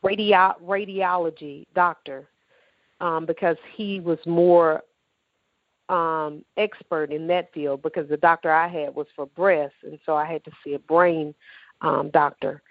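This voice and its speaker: A woman's voice: sits low, steady tone, a little slow, dry recording, phone-quality sound. A woman telling her personal faith testimony in an emotional, emphatic way, acting out the dialogue as she goes. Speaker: testimony speaker.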